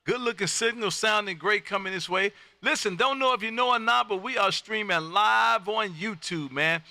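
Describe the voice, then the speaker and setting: A man hosting a live ham radio stream from his home radio room, loud and folksy, calling CQ and repeating his phrases. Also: high-pitched, moderate pace, no echo. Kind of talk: calling CQ and chatting with contacts.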